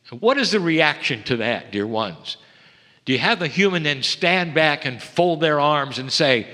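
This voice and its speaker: A man delivering a channeled spiritual message to a seminar audience, measured and intimate, often sinking to hushed tones. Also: fairly high pitch, big pitch swings. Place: seminar hall. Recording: long hall reverb.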